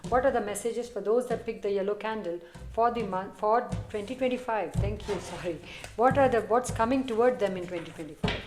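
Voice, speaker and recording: A chatty woman reads tarot for her viewers in an encouraging, easygoing way, and now and then her voice sinks to a soft murmur. Her voice sits at a middling pitch. It is recorded on a phone in a noticeably echoey room. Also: a little fast, noisy background. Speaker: tarot reader. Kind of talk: casual tarot reading to camera. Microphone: phone camera.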